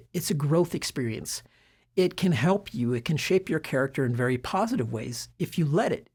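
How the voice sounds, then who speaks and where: Speaking casually to camera, a middle-aged man with a husky, slightly high voice offers self-development advice. His delivery is relaxed and conversational, full of fillers and restarts.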